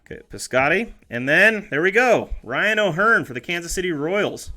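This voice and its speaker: A high-pitched, sharp-toned man speaks at normal speed with lively intonation over soft background music. Opening trading card packs on a live stream, he banters casually, announces names, jokes, and catches his own mistakes.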